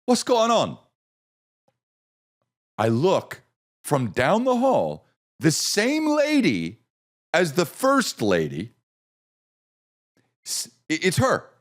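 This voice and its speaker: A man's voice: a little high, slow pace, long pauses. A middle-aged man hosting a podcast, telling a comedic story with lots of swearing and acted-out voices. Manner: animated, swearing, acts out voices in his story. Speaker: podcast host.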